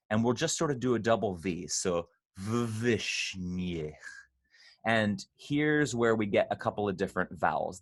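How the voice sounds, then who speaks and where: A man leading an online choir rehearsal, patiently explaining pronunciation and slowly demonstrating sounds. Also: fairly low pitch. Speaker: choir director.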